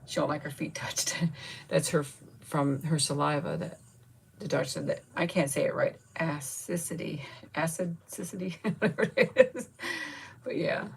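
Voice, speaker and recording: A woman's voice: sits low, normal speed, gravelly, slight background noise. A woman in her fifties hosting a casual live chat, cooing baby talk at her pet and thanking viewers by name. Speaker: channel host.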